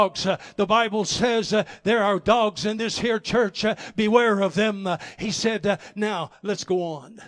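A man's voice: high voice, a little slow, few pauses. A male evangelist preaching a sermon, starting almost every phrase with "uh" and building to fervent peaks. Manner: punctuates nearly every phrase with "uh", rising to fervent shouts.

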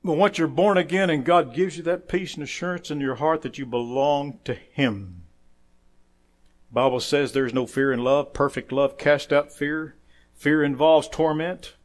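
Guy pastor preaching a sermon, kinda high voice, gets loud and punchy on big lines then goes quiet, lots of amens. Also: a little slow. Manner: emphatic preaching that swells louder on key phrases and drops low and quiet for asides; quotes scripture with frequent "amen".

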